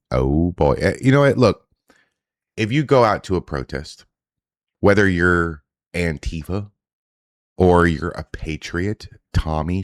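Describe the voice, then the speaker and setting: A man's voice: deep voice, dry recording, clean studio sound. A man giving blunt, profane reaction commentary on video clips, often sarcastic.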